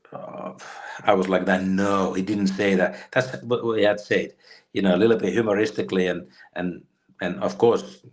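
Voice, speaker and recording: Finnish ex-footballer, 50s, deep voice, loose anecdotal delivery with lots of ums. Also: male voice. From Finland. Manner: rambling, many fillers and restarts. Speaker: guest, former footballer. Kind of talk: storytelling interview.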